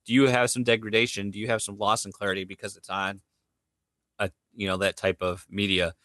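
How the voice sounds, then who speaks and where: A man's voice: fairly low pitch, little pitch movement, fairly quick, fairly bright tone, no echo, clean studio sound. A man co-hosting a casual podcast, musing aloud and asking questions in a teasing, chatty way. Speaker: podcast co-host. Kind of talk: casual chat.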